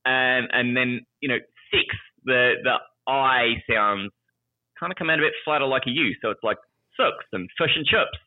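A man's voice: medium pitch, normal speed, dry recording, narrow, tinny audio. A man with an Australian accent in casual chat, jokey and self-mocking, laughing often.

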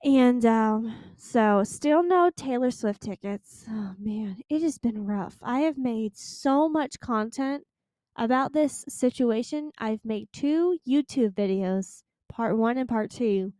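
A woman in her twenties from Florida, hosting a casual solo podcast, chatty and emphatic, slowing down to stress her points. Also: a little high, expressive, warm tone, no room sound, studio quality. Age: 20s. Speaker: podcast host.

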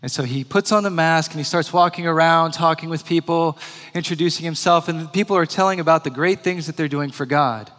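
A male preacher tells a story in a fairly high voice, pausing to repeat key phrases slowly. He is heard in a church sanctuary with a long reverb behind every word. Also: fairly bright tone. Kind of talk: sermon storytelling.

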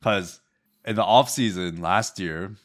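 A man co-hosting a podcast, chatting casually about basketball, relaxed and often laughing. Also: low voice, measured pace. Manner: relaxed, laughing, acts out quotes. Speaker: podcast co-host. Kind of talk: casual sports chat.

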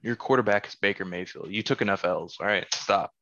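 A man's voice: lowish voice, fairly quick, a bit bright, lo-fi sound, a little hiss or hum. A man hosting a casual podcast, reading off fantasy football scores and teasing his friends. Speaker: podcast host.

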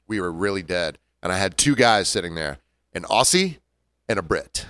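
A man co-hosting a podcast, telling rambling, halting anecdotes in casual chat. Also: deep voice, expressive, a bit bright, smooth, dry recording. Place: podcast studio.

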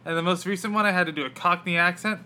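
A young man hosting a casual podcast, rambling with many fillers and restarts, on painkillers after wisdom teeth removal. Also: high voice. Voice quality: bright, halting delivery with many fillers. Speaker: podcast host.

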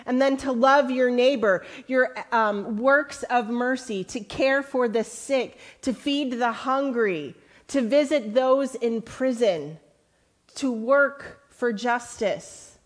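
A woman pastor delivering a sermon at an unhurried, measured pace, with a voice that sits a little on the high side. She quotes scripture slowly and deliberately and rises into earnest, emphatic questions for her listeners. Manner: earnest preaching, rising to lively emphatic questions; slow, deliberate quoting of scripture.

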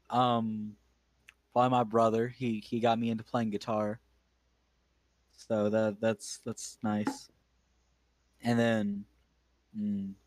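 A man's voice: fairly low pitch, a little mellow, dry recording. Teen guy goofing around on a podcast, laughs a bunch, dry mic. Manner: joking, laughs often, halting restarts. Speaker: podcast co-host. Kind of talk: casual podcast chat.

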